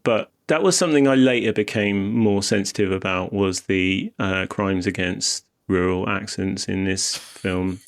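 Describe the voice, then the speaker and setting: Rambling laid-back man, low voice. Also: unhurried, few pauses. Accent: mild Wiltshire. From Wiltshire, England. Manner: rambling, self-interrupting, laughs often. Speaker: podcast co-host. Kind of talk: casual film chat.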